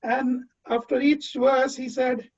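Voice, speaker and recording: A man speaks slowly in a very high-pitched, flat voice, giving a heartfelt tribute as a disciple. He tells personal memories earnestly, frequently restarting his phrases. The audio is lo-fi, dull and dry, with no room sound.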